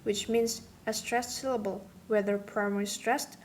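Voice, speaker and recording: A young woman, a student, reading a class presentation aloud, slowly and carefully, saying each example word twice. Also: medium pitch, fairly even intonation, slight background noise. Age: young adult. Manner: slow, careful, repeats example words.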